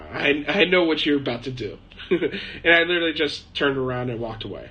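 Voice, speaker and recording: A man's voice: on the high side, brisk, dull audio. Chatty man live-streaming from his shed. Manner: rambling, chatty, laughs often, mimics people. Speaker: live-stream host answering viewer questions. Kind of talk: casual live chat.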